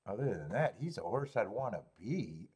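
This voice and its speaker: A man's voice: fairly low pitch, sing-song, normal speed, a little mellow, slightly rough. A man hosting a live horse racing stream, rambling and joking while greeting viewers in chat.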